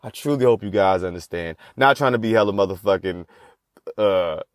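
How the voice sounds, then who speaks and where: A man's voice: fairly low pitch, normal speed, no echo. A young man hosting a solo podcast, talking in a profane, rambling and self-mocking way into a close mic. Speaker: podcast host. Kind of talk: casual solo podcast monologue.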